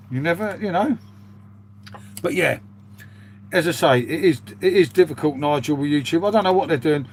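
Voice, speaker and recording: A man's voice: on the high side, slight background noise. A British man chatting casually to his live-stream viewers, rambling and calling them "mate". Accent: British English. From United Kingdom. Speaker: live streamer reading chat.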